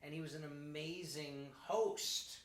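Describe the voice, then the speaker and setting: A man's voice: on the high side, fairly even intonation, a little slow. A man chatting as an interview guest, enthusiastic and long-winded in his answers, heard from a distant mic. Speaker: guest drummer. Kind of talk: casual interview chat. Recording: echoey room, distant mic, faint noise.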